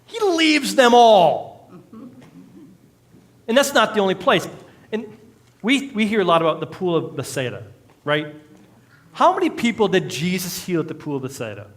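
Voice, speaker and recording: Man, pastor, conversational sermon, high-pitched, animated. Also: moderate pace, pauses often. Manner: conversational, animated preaching with jokes and acted quotes. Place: church sanctuary.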